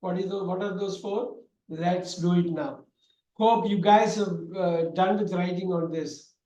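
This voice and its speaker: A man teaches a grammar lesson online, loud and repetitive, with lots of fillers. His voice sits high for a man. The sound carries a noticeable room echo. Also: fairly even intonation, measured pace, a little hiss or hum. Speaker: English teacher. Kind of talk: online class lecture. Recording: echoey room.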